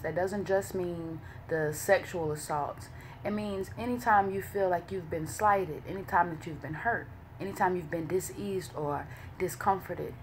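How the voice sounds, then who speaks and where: A woman's voice: low voice, a little hiss or hum. A woman talking casually as a vlogger. She speaks candidly and emotionally, swears freely and uses many fillers. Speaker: vlogger leading a women's wellness study. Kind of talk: casual spoken commentary.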